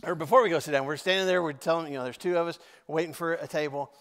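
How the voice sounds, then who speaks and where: A man's voice: on the high side, fast talker, a bit bright. A man, telling a personal story in a conversational sermon to his congregation, with asides to the audience. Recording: long hall reverb.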